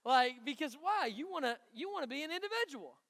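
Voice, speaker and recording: A man with an East Tennessee country accent preaches to a youth crowd in a chatty, folksy way and keeps asking them questions. His voice sits very high, sharp and bright. It rings through a big hall with a long reverb tail. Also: lively intonation, brisk, creaky. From Knoxville, Tennessee. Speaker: youth pastor. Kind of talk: youth sermon.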